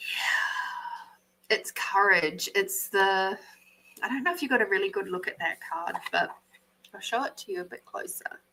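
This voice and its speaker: An Australian woman hosting a live card reading, animated, swearing freely and laughing often. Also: mid-range voice, a little slow, long pauses, low-quality recording. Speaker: intuitive card reader, podcast host.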